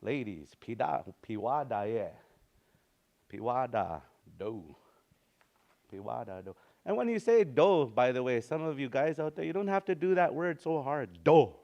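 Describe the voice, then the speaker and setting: A man teaching a language lesson in a relaxed, easygoing way, slowly repeating words for practice and often restarting his sentences. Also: fairly high pitch, muffled recording. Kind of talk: informal spoken language lesson.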